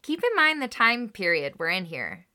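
Reading a researched story and quotes aloud on a podcast she co-hosts, a woman then reacts emotionally, keeping things casual. Her medium-pitched voice swoops wildly, moves at normal speed and sounds bright and forceful.

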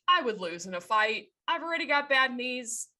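Woman, 30s, bright voice, animated casual storyteller who swears. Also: sits high, moderate pace. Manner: animated, swears freely, laughs while telling. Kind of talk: casual chat.

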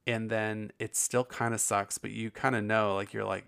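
A man talks casually as a podcast host, in a lowish voice with a gravelly edge. He rambles openly and swears freely. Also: level tone, normal speed, few pauses, fairly bright tone. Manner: profane, rambling and candid.

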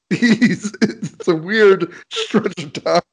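A man's voice: sits high, extremely slow, husky. A man co-hosting a casual chat podcast, laughing often and restarting his sentences. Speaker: podcast co-host.

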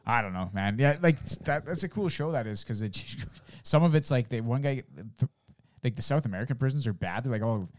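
A Canadian man co-hosts a podcast, telling rambling, profane stories in casual chat. His medium-pitched voice is lively and a little fast, and he swears freely while slipping into character voices.

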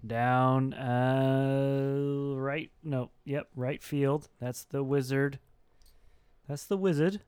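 A man narrating as game master of a tabletop game, relaxed, laughing often and pausing on fillers. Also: medium pitch, smooth, dry recording.

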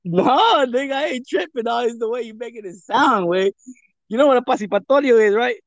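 A man with a gravelly, fairly high voice, talking casually and profanely on a podcast. He laughs often and slips into Spanish. The recording is dry and a little dull. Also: fairly quick, dry recording. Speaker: podcast co-host. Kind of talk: casual chat.

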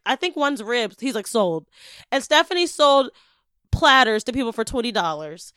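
A young woman hosting a podcast, casually telling an animated story and acting out the quotes. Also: clear, resonant tone, dry recording, clean studio sound. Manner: animated, acts out quotes with big pitch jumps.

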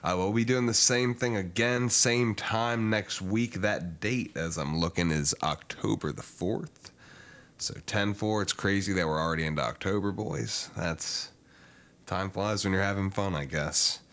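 A man hosting a sports podcast in a relaxed, joking manner, wrapping up the episode. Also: deep voice, measured pace. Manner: loose, joking, wraps up the show. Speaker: podcast host. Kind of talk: casual chat.

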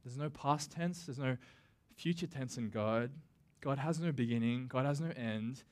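Man, pastor, sermon, casual and conversational, middle pitch, dramatic slow emphasis on quotes. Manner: casual and conversational, with self-deprecating asides.

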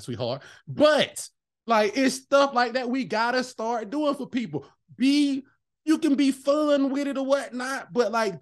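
A man with a notably high speaking voice tells stories in a loose, casual chat. He is animated and emphatic, swears freely, and keeps slipping into little voices whenever he quotes someone. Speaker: veterinary technician guest.

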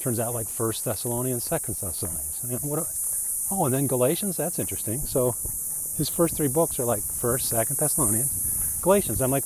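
A man's voice: mid-range voice, lively intonation, fairly quick, warm tone, slight background noise. A man in a casual, rambling monologue who keeps slipping into mocking put-on voices when he quotes other people. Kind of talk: casual monologue on reading the Bible.

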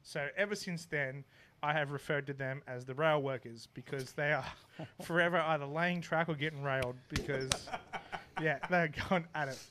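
A man's voice: on the high side, moderate pace, slight background noise. Young man telling a story. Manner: animated, laughing, acting out neighbours. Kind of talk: casual anecdote.

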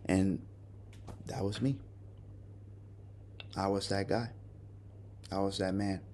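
Guy hosting a podcast, deeper voice, stops and restarts a lot, sounds really sorry. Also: level tone, mellow. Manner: halting, restarts, raw and remorseful. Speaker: podcast host. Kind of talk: personal confession monologue.

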